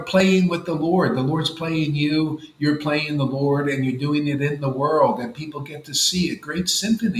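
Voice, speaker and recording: A man's voice: fairly high pitch, fairly bright tone, reverberant, poor audio. A man leading a gathering of devotees, giving an informal devotional talk in a rambling, conversational way full of "you know" and "man". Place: room with a gathered group of listeners.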